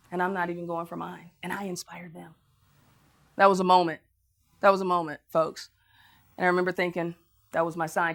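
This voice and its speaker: A woman's voice: medium pitch, fairly bright tone. A woman motivational speaker telling a story to an audience, acting out other people's lines and laughing as she goes. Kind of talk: motivational speech.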